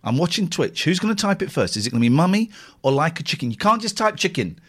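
A man hosting a live radio show, talking in a rambling, jokey way that swings between excited and muttered. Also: on the high side, quick pace, husky. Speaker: radio host. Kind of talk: casual live radio chat.

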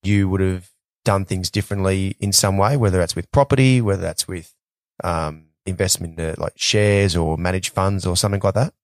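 A male host, a former cricketer, who asks long questions in a halting, casual way and searches for words as he goes. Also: sits low, steady tone, no room sound, clean studio sound.

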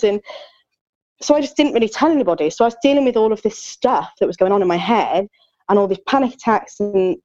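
A woman in her thirties co-hosts a podcast, chatting candidly and openly with lots of fillers and self-mocking jokes. Her voice is medium-pitched, fast, and a little mellow, on a lo-fi recording.

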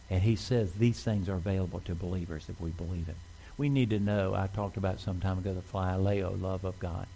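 A male pastor delivers a sermon to his congregation in an easy, conversational way, often turning to them with questions. His voice sits low and mellow. Faint room noise hangs behind him. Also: poor audio. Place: church.

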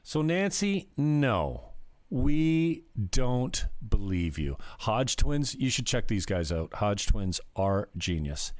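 Man, political commentary host, sarcastic rant, animated delivery, dry recording. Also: mid-range voice, slow pace, no room sound. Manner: heated, sarcastic, jumpy. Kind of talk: ranting commentary over clips.

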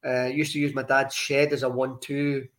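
A man's voice: medium pitch, little pitch movement, moderate pace, a bit bright. A middle-aged man, a former footballer, reminiscing plainly as an interview guest. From Scotland. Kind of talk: interview answers.

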